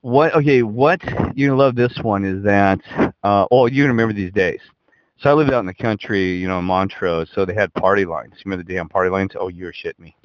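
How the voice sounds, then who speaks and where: An older man co-hosting a casual chat, teasing and cutting in with quick remarks. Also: fairly low pitch, no echo, poor audio. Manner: teasing, interjecting.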